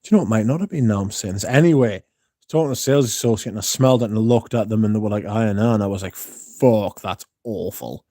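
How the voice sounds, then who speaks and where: A man with a fairly low, warm voice talks at a racing pace while hosting a casual livestream. He rambles through stories, reads viewer comments aloud to answer them, and swears now and then.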